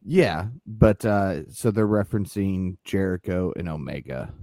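A man's voice: low voice, a little slow, warm tone, no echo. A man co-hosting a podcast, chatting casually and laughing often while looking things up. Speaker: podcast co-host. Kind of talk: casual chat about wrestling.

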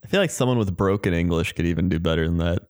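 A man's voice: low-pitched, rapid-fire, darkish tone, slight background noise. A man co-hosting a podcast, laid back and chuckling, adding wry interjections. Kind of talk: casual chat.

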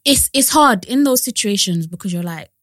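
A woman's voice: medium pitch, animated, normal speed, fairly bright tone, no echo, studio quality. A woman co-hosting a podcast, chatting casually, laughing often and sharing frank opinions. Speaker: podcast co-host. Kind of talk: casual chat.

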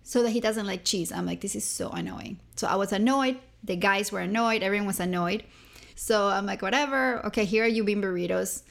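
Gravelly-voiced woman from Venezuela telling stories. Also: medium pitch, a little fast. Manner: animated, acts out quoted people. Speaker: interview guest. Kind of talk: storytelling in a casual interview.

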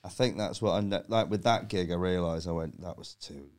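A man's voice: sits low, a little fast, darkish tone. A man telling comic stories on a podcast, acting out the voices and laughing and swearing as he goes. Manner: acts out voices in anecdotes, laughs often, swears freely. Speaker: comedian guest. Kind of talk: casual podcast chat, animated storytelling.

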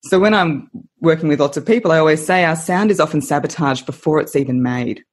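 Husky, expressive woman voice coach. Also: low voice, brisk. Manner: expressive, laughs often, uses playful analogies. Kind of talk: podcast interview.

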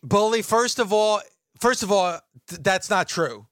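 A man's voice: high voice, a little slow, fairly bright tone, no echo, studio quality. A man co-hosting a talk radio show, defensive and insistent, repeating his points in heated banter.

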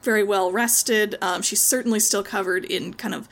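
A woman's voice: mid-range voice, steady tone, moderate pace, vocal fry. A woman narrating a tabletop game as game master, chatty and hedging with frequent likes and ums.

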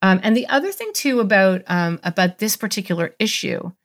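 A woman speaking as a guest expert on a podcast, explaining a calming technique with quick role-play examples. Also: mid-range voice. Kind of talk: conversational interview.

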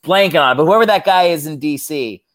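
A man's voice: fairly high pitch, expressive, fast talker, a crowd in the background. A young man, a comedian guest, bantering casually on a podcast with crude joking asides.

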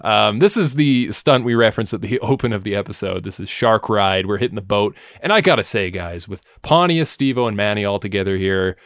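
A man's voice: fairly low pitch, lively intonation, fairly quick, hardly any pauses, a bit bright, no room sound, clean studio sound. A man hosting a casual podcast chat, swearing freely and laughing as he talks. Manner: profane, enthusiastic, laughs often. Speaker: podcast host.

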